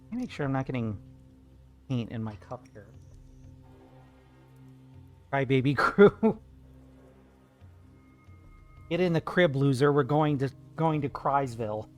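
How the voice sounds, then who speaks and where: A man's voice: medium pitch, a little fast, faint music behind. A man streaming live while he paints, chatting with viewers in a playful, jokey way. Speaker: art streamer.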